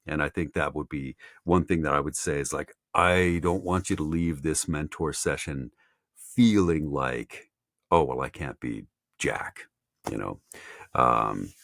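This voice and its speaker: Very deep-voiced man mentoring, halting. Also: gravelly, a bit bright, dry recording, clean studio sound. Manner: halting, many fillers and restarts. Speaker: voice acting mentor. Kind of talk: casual mentoring chat.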